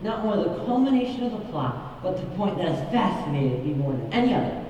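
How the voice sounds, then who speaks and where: Young actor as middle-aged man fan, confiding, mellow tone, distant, echoey hall, dull sound. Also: medium pitch, very animated, fast, slight background noise, natural voice. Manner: confiding, musing asides to the audience. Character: wistful middle-aged male musical fan. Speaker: narrator. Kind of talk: stage musical acting. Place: theater stage.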